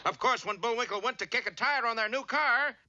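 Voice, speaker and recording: A man's voice: very high-pitched, brisk, pushed and bright. A man narrating a cartoon in a grand, mock-dramatic style. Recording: muffled old TV soundtrack with hiss.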